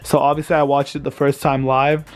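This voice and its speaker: A man in his twenties vents about his team's loss in a late-night home vlog, exasperated and full of self-pity. He talks fairly quickly in a medium-pitched voice with flat delivery.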